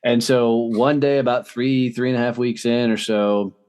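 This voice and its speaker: A man being interviewed as a podcast guest, telling blunt, profane stories in a fast, lively, casual way. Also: mid-range voice, clean tone. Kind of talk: casual storytelling.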